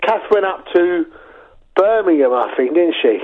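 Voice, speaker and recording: A man's voice: sits high, expressive, a little slow. A man from Slough calling into a radio show, chatting and reminiscing with the host. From Slough, England. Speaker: caller. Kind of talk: phone-in chat. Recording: tinny phone line.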